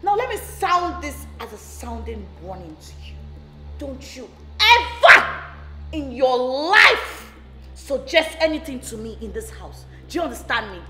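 An actress with a Nigerian accent playing a hot-tempered, scornful wealthy stepmother who mocks and scolds loudly. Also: high-pitched, very animated, unhurried. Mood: scolding. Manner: loud, mocking and scolding. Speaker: film actress. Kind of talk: Nollywood film acting. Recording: echoey room with faint music.

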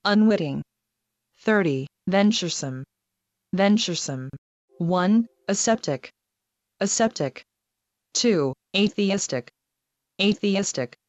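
A woman slowly reading numbered vocabulary words, saying each word twice in an even, measured drill style. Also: medium pitch, no echo, muffled recording. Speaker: vocabulary reader.

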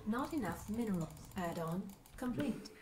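A woman voicing a calm computer adjutant in a game, giving cool, clipped announcements. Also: medium pitch, normal speed, natural voice. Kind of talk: game voice lines.

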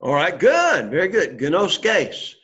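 A man's voice: on the high side, lively intonation, moderate pace, a bit bright, dull audio. A man teaching a Greek class, explaining patiently and checking in with "okay?" after each point. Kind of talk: classroom lesson.

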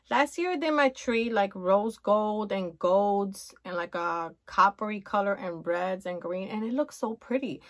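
A woman chatting excitedly and gushing as she shows off a shopping haul in a casual vlog. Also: mid-range voice. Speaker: haul vlogger.

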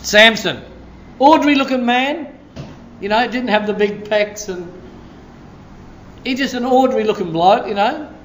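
A man preaching a sermon as a pastor, telling stories with a lively delivery and breaking into shouts of praise. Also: very high-pitched, moderate pace, pauses often, slight background noise.

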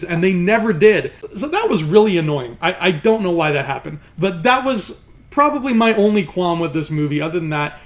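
Young man, fairly high voice, casual film review, chatty with fillers, animated and quick to get exasperated. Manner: animated, voice jumping up when exasperated; chatty with fillers like "you know" and "like".

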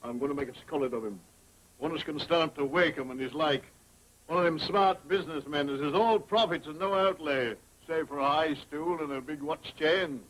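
An actor playing a stubborn, gruff middle-aged miller in an old 1930s film. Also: male voice, a little high, brisk, a bit bright, lightly acted, poor audio. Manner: gruff, defiant. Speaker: mill owner and father. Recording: old 1930s film soundtrack with faint hiss.

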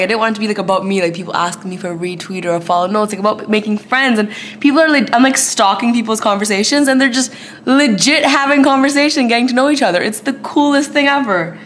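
A woman's voice: fairly high pitch, quick pace, a little hiss or hum. A young woman in her twenties talking to camera at home in a chatty, slangy daily vlog. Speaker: vlogger. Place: at home, indoors.

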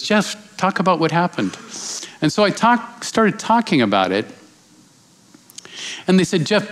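A man preaching as a guest speaker, telling a personal story with lively acted-out voices before moving into exhortation. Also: mid-range voice. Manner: animated storyteller, acts out quoted voices.

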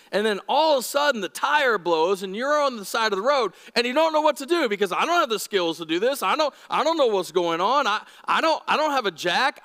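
A male pastor preaching a sermon in a church, chatty and animated, often asking the congregation questions. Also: high voice, long reverb tail.

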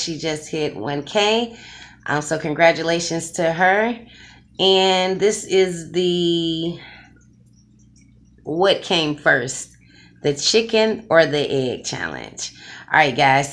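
A woman hosts a casual eating-challenge vlog from her dinner table. Her voice sits low and her talk is slow and unhurried. She chats to her viewers, calling them y'all and guys. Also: expressive. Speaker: mukbang host.

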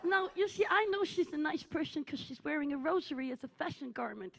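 A woman's voice: sits high, expressive, fairly quick, gravelly, background noise. A woman playing a needy, self-obsessed aging female cabaret diva, gushing and melodramatic as she teases the audience from a theatre stage. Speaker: cabaret performer. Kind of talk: live stage character comedy.

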